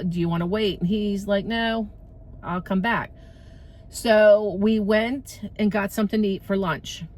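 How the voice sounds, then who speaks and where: A middle-aged woman vents through a rambling story of a bad day, full of fillers and asides. She talks casually to her viewers while standing outdoors by a street. Her voice sits at an ordinary pitch. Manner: venting, rambling with many fillers. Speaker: vlogger. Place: outdoors by a street, waiting for a ride.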